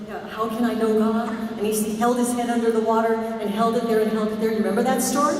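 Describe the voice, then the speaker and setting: A woman with a fairly high voice gives a spiritual talk to a live audience, questioning the room and drawing out key words. She sounds far from the mic in a very echoey hall with a long tail, over a faint hiss. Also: darkish tone. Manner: asks the audience questions, slows down for emphasis. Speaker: spiritual speaker.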